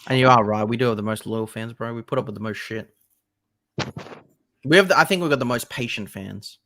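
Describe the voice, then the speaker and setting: A young male host in a casual football talk, speaking with passion and swearing freely. His voice sits in an ordinary middle pitch. The recording is dry and close, with no room sound. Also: a little fast, fairly bright tone, dry recording. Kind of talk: casual chat about football.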